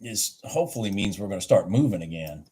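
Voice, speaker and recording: A man giving casual live trading commentary, excitable and thinking aloud with frequent restarts. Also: low voice, brisk, breathy edge. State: a bit out of breath. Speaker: livestream day trader.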